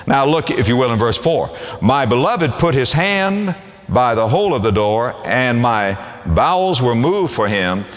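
A man's voice: mid-range voice, very animated, measured pace, in a large hall. A man preaching a sermon, reading old scripture aloud and briefly voicing the people in it. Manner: reads scripture aloud and acts out voices in the text.

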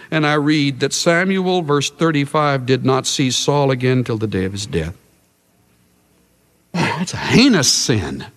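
A male preacher delivers an emphatic sermon, his voice rising and falling with lively swings of pitch. His delivery is dramatic, and each phrase trails off into the long reverb of a large hall. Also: a little slow. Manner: dramatic and emphatic, with big swings in loudness and pace.

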